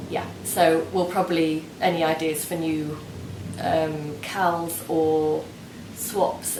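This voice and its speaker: A woman hosting a knitting video podcast, chatting casually and gushing with many ums and restarts. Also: sits low. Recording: roomy home recording with faint hiss.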